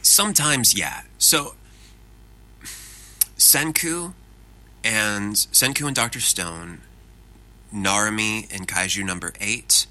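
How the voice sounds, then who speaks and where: Bright-voiced male voice actor. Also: on the low side, slow, long pauses, low-quality recording. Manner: chatty, self-deprecating, animated storyteller. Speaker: interview guest. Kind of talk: casual interview talk.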